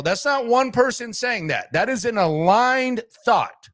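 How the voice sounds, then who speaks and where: A man's voice: sits high, normal speed, hardly any pauses, fairly bright tone. A man hosting a live sports talk stream, emphatic and repetitive, hammering his points home and rambling with restarts and asides. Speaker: sports talk show host.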